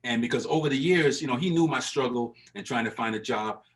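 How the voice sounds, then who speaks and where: A man in his sixties tells his stories animatedly as an interview guest. He often repeats words as he gets going, and his voice sits at a medium pitch. He looks back on his years in baseball. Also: brisk, far from the mic, rough recording. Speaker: guest, former baseball player and manager. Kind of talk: casual interview.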